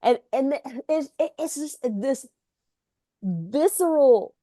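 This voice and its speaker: A woman co-hosting a podcast, telling stories in an animated way and acting out what people said. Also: high-pitched, takes it slowly, no echo, studio quality. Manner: animated storytelling, quotes people in dramatic voices. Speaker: podcast co-host. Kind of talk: casual chat.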